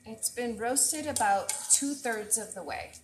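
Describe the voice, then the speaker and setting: A woman's voice: fairly high pitch, lively intonation, unhurried, reverberant, very noisy. A woman chef hosting a casual cooking livestream, chatting straight to her viewers while she cooks, on an earbud mic in a home kitchen. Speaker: chef and host.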